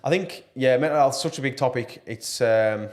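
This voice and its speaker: A man's voice: mid-range voice, fairly quick, a little mellow. A man talking earnestly and passionately as a podcast guest, with plenty of fillers. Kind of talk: casual podcast interview.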